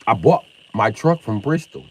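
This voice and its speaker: A man's voice: lowish voice, normal speed, husky, low-quality recording. Confrontational ranting middle-aged man. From Illinois. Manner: confrontational, profane, swings between loud outbursts and mock calm. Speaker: live streamer. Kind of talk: heated live-stream rant.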